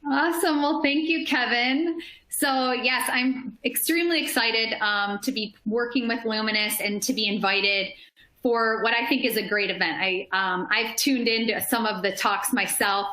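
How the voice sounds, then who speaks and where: Bright, energetic Midwestern woman presenting. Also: mid-range voice, moderate pace, echoey room. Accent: Midwestern American. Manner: upbeat, energetic, many fillers. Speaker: marketing speaker. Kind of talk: webinar presentation.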